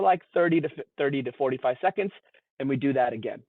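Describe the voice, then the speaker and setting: A man's voice: a little high, quick pace, dry recording. A man presenting as a behavior analyst, earnestly walking listeners through a case and often repeating words as he starts a thought. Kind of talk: explanatory presentation. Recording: dry, tinny phone-like line.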